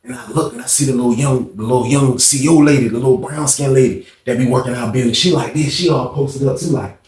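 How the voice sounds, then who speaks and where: A man's voice: mid-range voice, quick pace, a little mellow, roomy sound. A man telling a story in a casual, slangy, profane way and talking to his viewers as "y'all".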